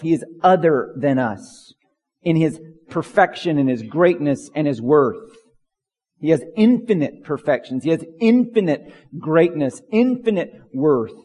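A man's voice: a little high, darkish tone, slightly rough, big-room sound. A man preaching a sermon as pastor, earnest and building in intensity through long lists. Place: church sanctuary.

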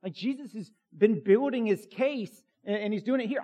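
A man's voice: sits high, moderate pace, few pauses, mellow. A man preaching a sermon as a pastor, emphatic and conversational, with many fillers.

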